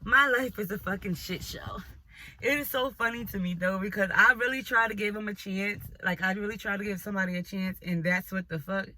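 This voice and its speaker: A young woman vlogger telling a dating story in a casual, animated and profane way, often breaking into laughter. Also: mid-range voice, fairly quick. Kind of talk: storytime vlog.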